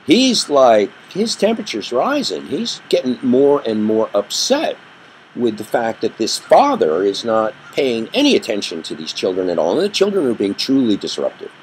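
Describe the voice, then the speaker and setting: A man teaching a communication workshop, telling a story with an animated delivery that rises and drops for effect. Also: medium pitch, normal speed, a little hiss or hum, low-quality recording. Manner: animated storyteller, rising and dropping his voice for effect. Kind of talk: storytelling lesson.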